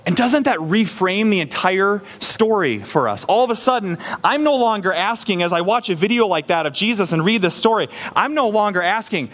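A man's voice: high voice, lively intonation, normal speed, hardly any pauses, a bit bright. A man preaching a sermon in a conversational way, acting out little scenes with a raised voice. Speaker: pastor.

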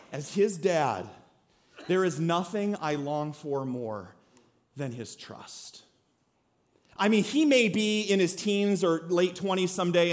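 A man in his thirties preaching a sermon, telling a lively personal story and then speaking quietly and earnestly. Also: sits high. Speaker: pastor.

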